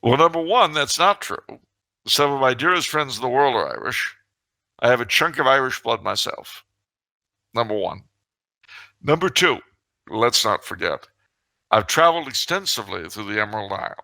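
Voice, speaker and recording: A middle-aged man spins a story in casual talk-show banter, full of mock indignation as he acts out both sides of the dialogue. His voice is gravelly and bright, with a forceful edge, and it sits close and dry on the mic. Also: medium pitch, very animated, moderate pace, long pauses, dry recording. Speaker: podcast co-host.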